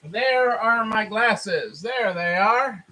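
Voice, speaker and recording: A man with a very high, bright voice chats with viewers on a store live stream, greeting them by name and repeating himself in a loose, casual way. He sounds tired. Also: animated, very slow, low-quality recording.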